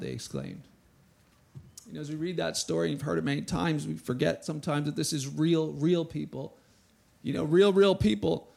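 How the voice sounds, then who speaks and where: A man preaching a sermon to a church, reading scripture and acting out quotes with a rising, animated voice. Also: fairly high pitch, moderate pace, vocal fry. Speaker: pastor.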